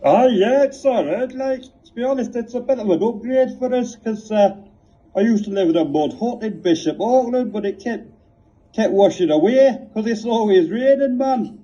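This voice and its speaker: A man's voice: very high voice, animated, moderate pace, mellow, pitched above the performer's own voice. A man voicing a bored, laid-back male talking police box with a Cockney accent, rambling and padding his talk with "you know what I mean". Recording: dull lo-fi recording.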